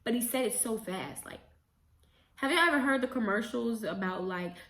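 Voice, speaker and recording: A young adult woman casually retelling a story as a vlogger, chatty and animated, with quick self-corrections. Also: fairly high pitch. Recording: roomy echo.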